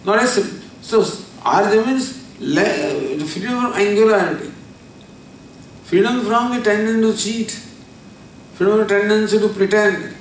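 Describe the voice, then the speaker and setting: A man, giving a spiritual discourse. He tells a story and then explains Sanskrit terms slowly, repeating them. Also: sits high. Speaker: spiritual teacher. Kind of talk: discourse on scripture. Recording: echoey hall from far off, faint noise.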